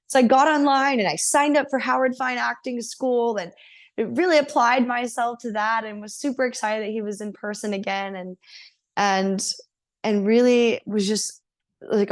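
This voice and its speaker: Woman guest, earnest and animated storyteller, mid-pitched, relaxed podcast delivery. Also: normal speed. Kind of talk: casual interview.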